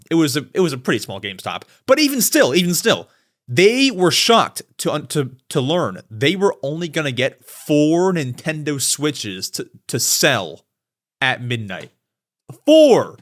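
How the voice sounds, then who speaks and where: Animated young man hosting a podcast. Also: a little high. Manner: animated, chatty, slangy asides. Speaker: podcast host. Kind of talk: casual news commentary.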